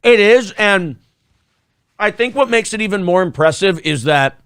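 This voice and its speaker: A man's voice: high-pitched, animated, normal speed, a bit bright, clear, resonant tone, no room sound, studio quality. A man hosting a morning talk show, chatting casually in a blunt, profane way. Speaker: host. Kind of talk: casual chat.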